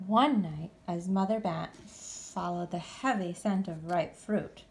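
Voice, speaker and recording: A woman reading a children's picture book aloud, telling the story in an expressive way. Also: fairly low pitch. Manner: expressive, unhurried storytelling with lively swings. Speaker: storybook reader.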